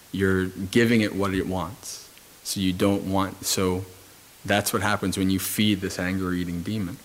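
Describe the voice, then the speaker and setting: Lower-voiced man giving a Dhamma talk. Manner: calm storytelling with frequent fillers and restarts.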